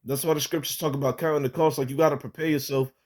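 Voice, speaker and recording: A man's voice: mid-range voice, little pitch movement, fast, a little mellow. A young man giving a casual spoken religious testimony, rambling with many fillers, restarts and casual swearing.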